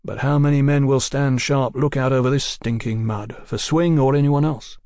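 A man voicing a calm, worldly guide who speaks in a measured way, in an audiobook. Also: mid-range voice, dry recording, studio quality, close to an everyday voice. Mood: explaining.

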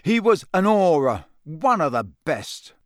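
A man's voice: on the high side, sing-song, measured pace, no echo, studio quality, voice pushed up. A man voicing a knowledgeable young adult wizard who explains things in a matter-of-fact way. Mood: explaining.

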